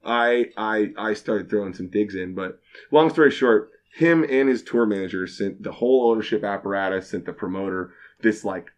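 A man's voice: on the low side, normal speed. A man, a bartender guest on a podcast, telling a story in casual chat, acting out quotes and swearing freely.

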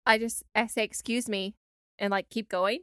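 Laid-back woman co-host, bright sharp voice, kinda high, dry sound. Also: steady tone, fairly quick, no room sound. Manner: laid-back, good-humored, defensive when teased. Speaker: podcast co-host. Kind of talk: casual chat.

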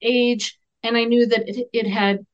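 A woman who works as an animal communicator tells a story as a guest on an interview show, earnest and gentle, acting out the dialogue. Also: fairly high pitch, measured pace, muffled recording. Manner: animated, acts out the dialogue in her stories.

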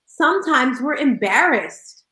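A woman hosting a panel chat who talks in an upbeat, exclamatory way and sometimes shouts for emphasis. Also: high voice, big pitch swings, unhurried. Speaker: host. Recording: roomy echo.

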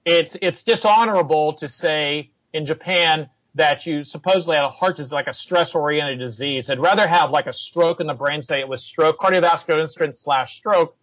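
A man with a fairly high voice chats about fitness and tells stories, slipping into the voices of the people he quotes. The sound is dry and a little dull. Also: normal speed, few pauses, no echo. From United States. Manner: animated storyteller, acts out quoted people. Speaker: fitness coach. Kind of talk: casual chat.

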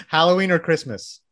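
A man from Texas with a Texan accent, hosting a casual interview and firing off quick questions, laughing often. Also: fairly high pitch, fairly bright tone, no echo, clean studio sound. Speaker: podcast host.

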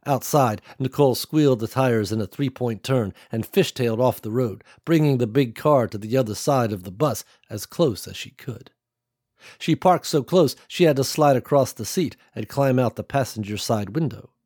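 A man narrating an action audiobook in a measured, dramatic way. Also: medium pitch, darkish tone, dry recording, clean studio sound.

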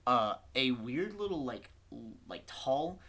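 A woman's voice: a bass voice, animated, slow pace, a bit bright. A woman running a tabletop game as game master, narrating in a loose, chatty way with many fillers and self-corrections.

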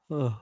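A man's voice: dry recording, clean studio sound. A man co-hosting a casual podcast chat over a remote call, chatty and laughing often. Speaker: podcast co-host.

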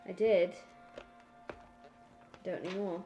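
A woman's voice: fairly low pitch, steady tone, warm tone, highs cut off, faint music behind. A woman playing a tabletop game, talking casually and a little unsure. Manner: casual, unsure, quick asides. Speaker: player.

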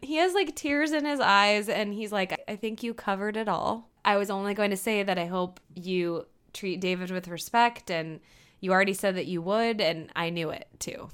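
Woman, podcast co-host, casual chat, bright tone, animated retelling, quotes characters. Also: mid-range voice, clear, resonant tone. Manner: animated retelling, quoting characters in quick voices, laughing often. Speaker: podcast co-host recapping a TV episode.

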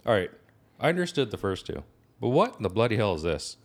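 A man doing a gruff supervisor. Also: lowish voice, sing-song, fast talker, voice pushed up. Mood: exasperated. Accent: Newfoundland. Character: gruff middle-aged male job supervisor.

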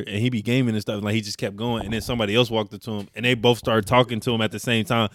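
A man's voice: lowish voice, little pitch movement, rapid-fire, fairly bright tone, no room sound. A man co-hosting a casual podcast chat, telling stories in a laid-back, slangy way. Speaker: podcast co-host.

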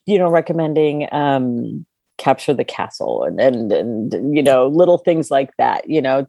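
Middle-aged lady bookseller, low gravelly voice, mellow tone, chatty and eager, lots of um and you know. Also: dry recording, clean studio sound. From California. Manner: warm, enthusiastic, many fillers and restarts. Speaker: bookstore owner. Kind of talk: casual interview chat.

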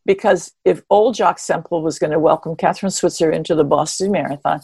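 A woman in her seventies, an interview guest and former marathon runner, telling stories in an animated, expressive way with wry humor. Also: deep voice, a little fast, gravelly, slightly rough, no room sound. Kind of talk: conversational storytelling.

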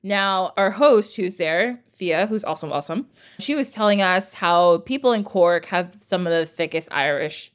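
A woman's voice: lowish voice, moderate pace, smooth. Chatty woman podcast host. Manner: chatty, enthusiastic, digresses. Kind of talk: casual podcast chat.

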